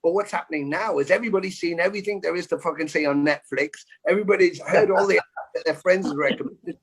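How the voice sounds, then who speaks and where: A man, a rock singer, talking fast and emphatically on a casual video chat, with some swearing. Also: sits high, slightly rough.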